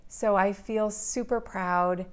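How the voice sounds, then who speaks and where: A woman's voice: medium pitch, fairly even intonation, slow pace, clear, resonant tone. Earnest woman telling her story. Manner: earnest, vivid storytelling, building intensity. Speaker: interviewee. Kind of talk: personal story in an interview.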